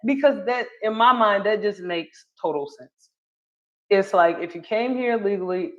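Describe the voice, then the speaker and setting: Chatty Southern woman on a live stream. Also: on the low side. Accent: Southern US, North Carolina. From Charlotte, North Carolina. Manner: chatty, laughing often, correcting herself mid-thought. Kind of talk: casual live-stream commentary. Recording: slightly dull lo-fi audio.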